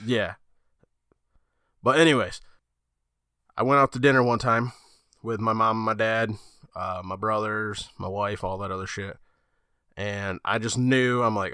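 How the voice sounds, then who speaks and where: A man's voice: fairly low pitch, fairly even intonation, normal speed, long pauses, pushed and bright, smooth, no echo, clean studio sound. A man on a gaming podcast, telling a story in casual chat and swearing freely. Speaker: podcast co-host.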